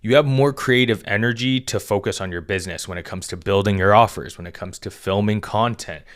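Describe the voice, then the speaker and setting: A man with a fairly low voice explains business advice in a relaxed, conversational way. He speaks like a coach talking to entrepreneurs, filling pauses with "um" and tagging points with "right?". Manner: conversational, frequent "right?" and "um" fillers. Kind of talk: casual direct-to-camera advice talk.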